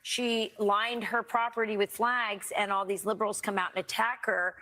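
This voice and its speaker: A woman speaking as a TV news panelist, halting with many fillers. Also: mid-range voice, level tone, pushed and bright. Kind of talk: cable news commentary.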